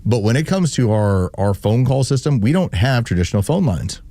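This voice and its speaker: A man's voice: mid-range voice, lively intonation, normal speed, warm tone, no room sound. A male morning radio host telling stories in casual chat from a studio microphone. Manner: storytelling, rambling with restarts.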